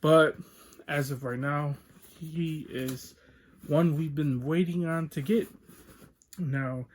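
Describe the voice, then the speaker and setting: A man's voice: a little high, slow pace. Laid-back American man unboxing toys. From United States. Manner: relaxed, rambling, repeats "so there's that". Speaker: toy unboxing channel host. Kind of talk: casual unboxing vlog. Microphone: phone or webcam on desk.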